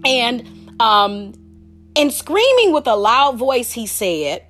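Animated woman teaching scripture. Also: fairly high pitch, measured pace, faint music behind. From Detroit, USA. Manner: animated, laughing, slangy storytelling. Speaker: podcast host. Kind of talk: casual Bible teaching.

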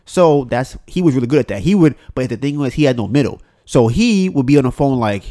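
A man's voice: medium pitch, expressive, fairly quick, hardly any pauses, dark tone. Rambling man on a solo podcast. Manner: loose and rambling, acts out phone calls in quoted voices; profane, uses many fillers and restarts. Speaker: podcast host.

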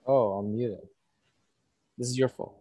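A man co-hosting a casual movie-review podcast over an online call, dry and contrarian in a deadpan way. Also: medium pitch, a little slow, dry recording. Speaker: podcast co-host.

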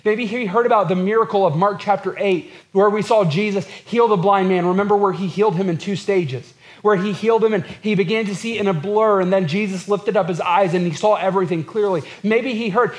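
A pastor delivers his sermon in a fairly high voice. He is earnest and repeats phrases to build his point. He acts out the words of the people in the text. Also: brisk, few pauses. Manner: earnest, repetitive preaching with acted-out quotes.

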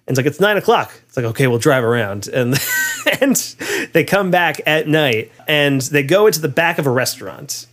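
A man's voice: fairly high pitch, animated, moderate pace, fairly bright tone. A man in casual conversation, retelling a film's plot in a rambling way with lots of fillers. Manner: rambling, filler-heavy, laughs often.

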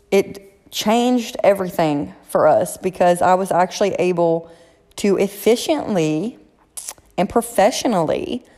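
A woman with a drawl talks straight to her listeners on a solo podcast, cursing freely and giving blunt advice. Her voice sits fairly low. A long reverb trails behind her words. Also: dark tone. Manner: blunt, profane, frank advice. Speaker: podcast host. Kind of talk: casual solo podcast chat.

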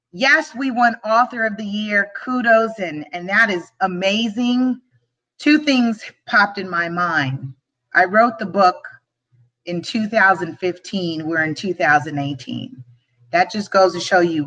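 A woman's voice: mid-range voice, pushed and bright, poor audio. A woman hosting a live stream, talking earnestly and from the heart, often repeating words as she gets moved. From Philadelphia. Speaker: show host and real estate agent. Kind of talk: live-stream motivational talk.

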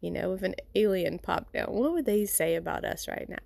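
A woman's voice: mid-range voice, lively intonation, fairly quick, vocal fry, a little mellow, no room sound. A woman hosting a podcast, talking in a rambling, informal and reflective way and often saying "you know" and "you guys" while recording at home. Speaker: podcast host. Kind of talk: casual reflective monologue.

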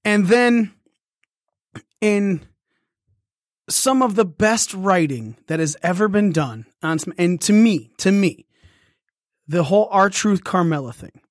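A man hosting a casual wrestling recap, talking excitedly, swearing freely and acting out the lines he quotes. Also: high-pitched, takes it slowly, pauses often, dry recording, studio quality. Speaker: wrestling podcast host.

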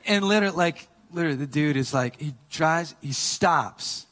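A male pastor preaching a sermon in a casual, conversational way, moving between quiet earnest points and lively storytelling. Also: fairly high pitch, normal speed, few pauses, long reverb tail.

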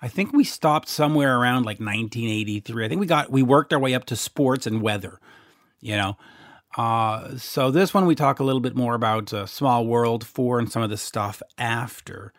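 A man's voice: medium pitch, moderate pace, fairly bright tone, no echo, clean studio sound. A Canadian man hosting a podcast, rambling in a jokey, casual way with plenty of fillers and restarts. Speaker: podcast host. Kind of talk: casual solo podcast talk.

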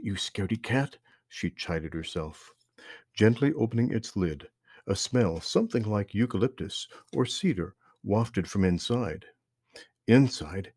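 A man hosting a podcast, reading a story in a calm, measured narration. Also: on the low side, slightly rough, no room sound, studio quality.

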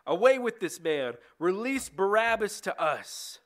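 A man voicing an angry crowd in a bible story reading, with loud, raised, drawn-out shouts. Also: high-pitched, sing-song, pitched above the performer's own voice, full character voice. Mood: shouting.

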